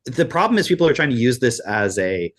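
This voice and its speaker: A man's voice: mid-range voice, sing-song, brisk. A man co-hosting a podcast in casual chat, talking in an emphatic, profane rant. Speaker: podcast co-host.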